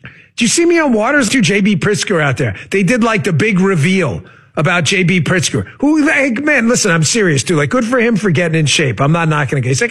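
A man with a high, somewhat husky voice hosts a casual political talk show. He talks in an animated way, turns sarcastic, and sometimes leaps up into shouting. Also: brisk.

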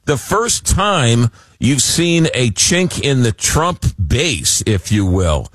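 Male radio talk host, mid pitch, animated and joking, dry studio sound. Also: slow pace, no echo. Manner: animated, jokey, repeats words when excited. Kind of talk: late-night radio talk. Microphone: studio microphone.

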